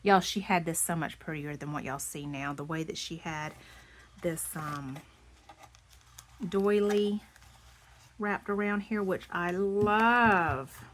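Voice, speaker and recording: A woman, hoarse from losing her voice, chatting casually as she shows off handmade craft pieces, gushing and often dropping into soft half-whispers. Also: on the low side, slow, long pauses, a little hiss or hum. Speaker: craft vlogger. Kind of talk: casual show-and-tell chat.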